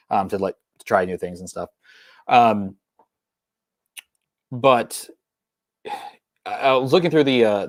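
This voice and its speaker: Low, dry-voiced man chatting on a livestream. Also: no room sound. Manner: rambling, many ums and restarts. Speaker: whiskey channel host. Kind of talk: casual livestream chat.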